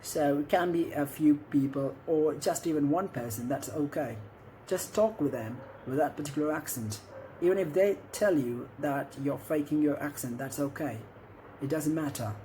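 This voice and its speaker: Indian guy teaching accent tips, kinda high voice but mellow, keeps saying okay?, little bit of background hiss. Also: normal speed, rough recording. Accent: Indian English. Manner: encouraging, repeats "okay?" to check in. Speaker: accent coach. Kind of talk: instructional talk to camera.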